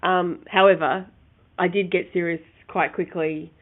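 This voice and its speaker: A woman, co-hosting a casual chat and telling her stories in an animated way, often restarting her sentences. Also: on the low side, a little slow. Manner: animated storytelling with many restarts. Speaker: co-host. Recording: phone-like narrow sound.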